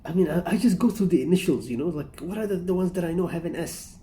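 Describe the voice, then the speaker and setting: A man's voice: high-pitched, expressive, fast, mellow, a little hiss or hum. A man hosting a casual reaction commentary, rambling and amused, often breaking into laughter. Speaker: reaction video host.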